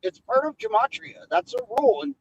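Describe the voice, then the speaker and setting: A man's voice: very high-pitched, sing-song, brisk, creaky, lo-fi sound, over a noisy crowd. A man in a livestream debate, hesitantly questioning and arguing back. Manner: questioning, confused, hesitant restarts. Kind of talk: heated argument on a livestream.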